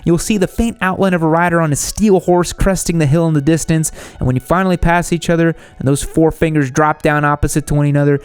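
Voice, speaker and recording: A man's voice: fairly high pitch, quick pace, few pauses, smooth, no room sound, faint music behind. Man hosting a jokey motorcycle vlog. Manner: deadpan jokey delivery with sudden animated outbursts. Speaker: motorcycle channel host. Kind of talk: comedic scripted narration.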